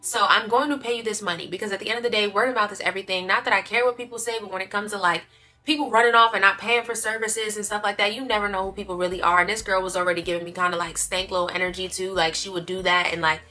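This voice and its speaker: Bright-voiced young woman venting animatedly. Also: mid-range voice, quick pace, soft background music. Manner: animated, emphatic, slangy venting. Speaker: vlogger. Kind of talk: casual storytime chat.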